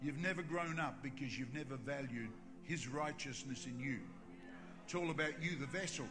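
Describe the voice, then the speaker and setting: An older man preaching a sermon as pastor, emphatic and building to shouts in prayer. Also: medium pitch, normal speed. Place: large church hall. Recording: long hall reverb with music.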